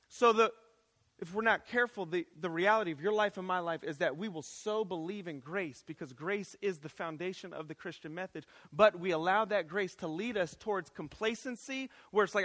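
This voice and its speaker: A man preaching a college chapel sermon in a conversational style, swinging between shouted and hushed lines. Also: high voice, animated, fairly quick. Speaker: chapel speaker. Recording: reverberant chapel.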